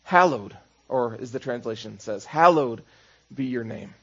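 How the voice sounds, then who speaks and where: A man's voice: medium pitch, animated, unhurried, fairly bright tone, slightly rough, muffled recording. A man preaching a sermon as pastor, conversational, building into rhythmic repeated phrases.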